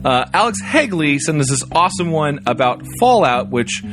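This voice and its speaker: A man co-hosting a casual podcast, reading a listener email aloud with playful, animated storytelling. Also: a little high, moderate pace, music in the background. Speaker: podcast co-host.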